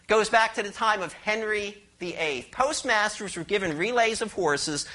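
Woman preacher, sermon delivery, bright and forceful, asks the room questions. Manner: emphatic, rising to high passionate stress, slowing to read verses; asks the congregation questions and leads call-and-response.

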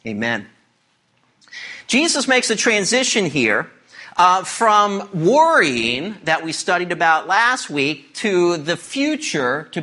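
A man's voice: high-pitched, pushed and bright. A man preaching as pastor, reading scripture and teaching emphatically with playful asides.

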